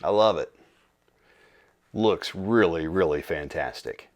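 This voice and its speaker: A middle-aged man hosting a casual workshop vlog, talking folksy and unhurried about cleaning and oiling a guitar, with friendly asides and fillers. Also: low voice. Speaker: channel host restoring guitars.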